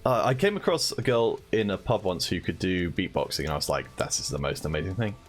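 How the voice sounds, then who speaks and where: A man streams live, talking casually with a co-host and laughing easily. His voice sits low but bounces around a lot in pitch. Soft music plays faintly underneath. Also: animated, fairly quick. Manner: playful, laughs often.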